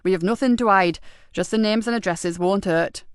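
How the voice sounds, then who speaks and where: A woman's voice: mid-range voice, moderate pace, clear, resonant tone, no echo, studio quality, close to an everyday voice. A woman reading an audiobook, voicing a mild, matter-of-fact husband in a plain everyday voice.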